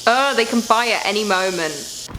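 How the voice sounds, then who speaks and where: A woman's voice: mid-range voice, expressive, normal speed, background noise. A woman hosting a reaction video in casual commentary, squeamish and groaning in disgust.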